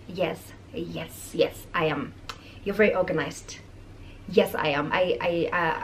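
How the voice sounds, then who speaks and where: A young Kenyan woman vlogging, speaking calmly and softly as she reads out viewer comments and answers them. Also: medium pitch, slight background noise. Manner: calm, soft-spoken, reads viewer comments aloud and replies. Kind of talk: casual vlog chat.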